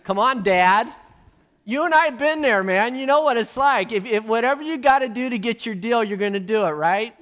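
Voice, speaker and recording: A man's voice: very high-pitched, animated, normal speed, pitched above the performer's own voice. A man voicing a grown man casually pleading with his father for a break. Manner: casual, coaxing, raised and loud.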